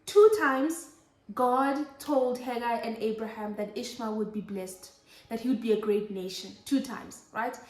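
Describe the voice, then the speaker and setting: A woman's voice: mid-range voice, steady tone, moderate pace, dark tone, roomy sound. A young woman preaching a Bible lesson to mothers, urging and repeating her points emphatically. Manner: exhorting, repetitive emphatic preaching. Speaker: host of a Christian motherhood show.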